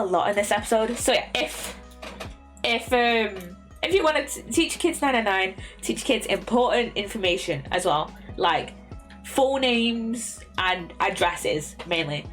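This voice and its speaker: Young English woman streamer, casual, rambling with many fillers, soft music underneath. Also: medium pitch, lively intonation, takes it slowly. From England. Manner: rambling, many ums and restarts. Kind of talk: casual chat.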